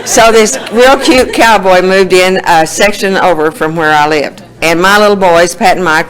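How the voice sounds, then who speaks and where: A woman's voice: deep voice, smooth, poor audio. A woman in her sixties with an Oklahoma accent, telling her life story in a folksy way at a recovery meeting, laughing often. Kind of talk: personal testimony.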